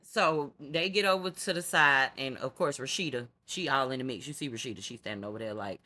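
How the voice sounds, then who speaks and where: A woman's voice: a bass voice, a little fast, hardly any pauses, sharp tone. A woman hosting a reality TV recap, talking to viewers in a sassy, slangy, casual way.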